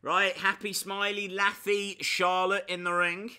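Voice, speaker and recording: A man giving casual live reactions as a streamer, chatty with excitable, jokey asides. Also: high voice, unhurried, clean tone.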